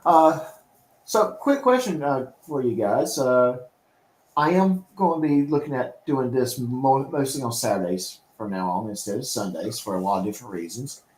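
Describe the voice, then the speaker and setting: A man's voice: mid-range voice, lively intonation, moderate pace, a little mellow. A man hosting a casual online chat show, talking in an easygoing way with lots of fillers. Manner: easygoing, chuckling, filler-heavy. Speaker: host. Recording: roomy echo.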